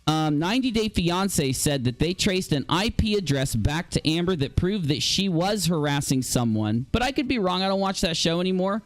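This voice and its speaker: A man's voice: sits high, lively intonation, moderate pace, hardly any pauses, dry recording, faint music behind. A man streaming live, rambling and confronting a critic directly. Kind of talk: livestream commentary.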